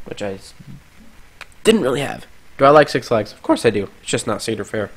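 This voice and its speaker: A young man from Ohio with an Ohio accent, chatting and rambling casually while streaming a coaster simulator, laughing often. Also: medium pitch. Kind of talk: casual live-stream commentary. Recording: loud background noise.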